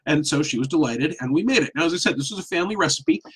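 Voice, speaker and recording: A middle-aged man telling a personal story in a casual, animated, self-deprecating way. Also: fairly high pitch, racing, husky.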